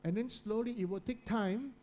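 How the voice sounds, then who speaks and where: A man giving a motivational talk to students. He repeats his points and keeps checking in with the audience, often dropping to a soft, low voice. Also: moderate pace. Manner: repetitive, keeps checking in with listeners. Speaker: guest speaker.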